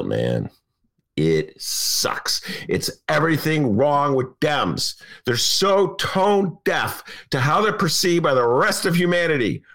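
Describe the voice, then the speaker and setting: A man's voice: mid-range voice, creaky, a bit bright. A man hosting a talk radio show, delivering an opinionated monologue with sarcasm and frequent laughter.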